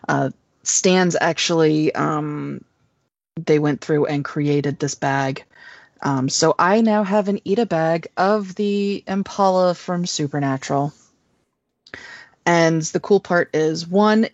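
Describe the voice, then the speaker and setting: A woman's voice: sits low, a little slow, no room sound, lo-fi sound. A woman co-hosting a podcast, chatting in an upbeat, geeky way with lots of fillers. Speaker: podcast co-host. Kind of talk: casual chat.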